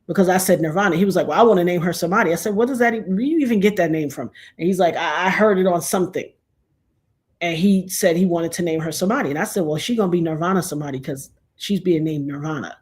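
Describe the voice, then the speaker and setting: A middle-aged woman telling a personal story in a casual, animated way, acting out the other people's lines as she goes. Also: on the low side. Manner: animated, acts out quoted dialogue.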